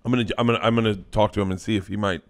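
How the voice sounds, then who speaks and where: A man in his forties with a lowish voice tells loud, animated stories as a podcast guest. He swears freely and rambles through his anecdotes. The studio sound is plain. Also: very fast. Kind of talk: casual podcast chat.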